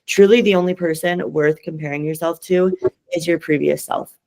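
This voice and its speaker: A woman's voice: sits low, steady tone, moderate pace, gravelly, a little mellow. Woman fitness coach, earnest podcast talk. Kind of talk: casual podcast chat.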